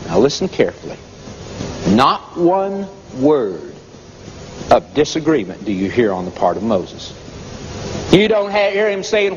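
A man's voice: fairly high pitch, wildly swooping pitch, unhurried. Give me a fervent male preacher telling a story in a sermon, recorded dull and noisy. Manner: dramatic storytelling, fervent, pleading. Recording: dull lo-fi recording in a reverberant hall with background noise.

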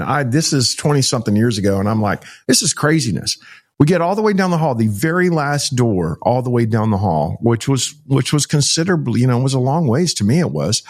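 Middle-aged male pastor, vivid storyteller, acts out the exchanges, mid-pitched voice. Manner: animated storytelling, acting out dialogue with many "like" fillers. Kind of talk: personal story told in an interview.

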